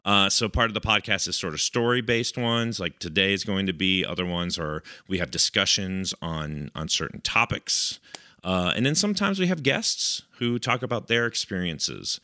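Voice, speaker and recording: Deep bright-toned podcast host, rambling. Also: male voice, animated, normal speed, no echo, studio quality. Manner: rambling, filler-heavy, chuckling. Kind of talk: casual podcast chat.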